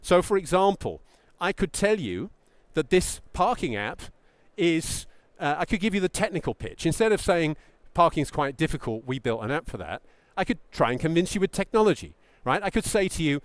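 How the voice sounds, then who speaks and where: Animated, emphatic male pitch coach. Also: normal speed, hardly any pauses, no room sound. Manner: animated, emphatic, acts out mock founder quotes. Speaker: pitch coach giving a talk. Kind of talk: presentation talk to founders.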